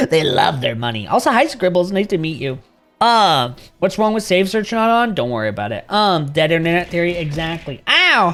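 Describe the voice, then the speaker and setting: A man's voice: a little high, very animated, a little fast, a bit bright, faint music behind. A man streaming and chatting casually with viewers, rambling, swearing freely and laughing often.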